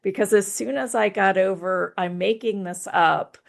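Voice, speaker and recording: A woman co-hosting a spiritual talk show, telling animated stories, laughing often and saying "like" a lot. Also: mid-range voice, moderate pace, vocal fry. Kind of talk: casual spiritual chat.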